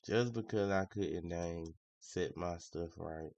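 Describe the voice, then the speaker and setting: Deep-voiced man, slangy livestream chatter. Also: slow, vocal fry, darkish tone, no room sound. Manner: slangy, grumbling, repeats himself. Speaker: day trader streaming live. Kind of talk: casual livestream commentary. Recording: dry, slightly muffled lo-fi audio.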